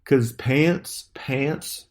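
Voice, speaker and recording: A man riffs through an improvised comedy bit, stretching his words into a put-on folksy drawl. He stumbles and repeats himself as he rambles. His voice sits at an everyday middle pitch. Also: very slow. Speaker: podcast co-host.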